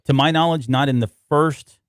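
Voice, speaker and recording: A man's voice: a little high, steady tone, normal speed, no room sound. Man chatting casually, dry close sound. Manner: loose, rambling, reads notes aloud. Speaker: podcast co-host. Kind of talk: casual podcast chat.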